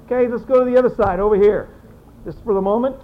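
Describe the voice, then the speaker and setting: A teacher leading a classroom discussion, briskly encouraging students and repeating their answers aloud. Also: medium pitch. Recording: dull lo-fi classroom recording.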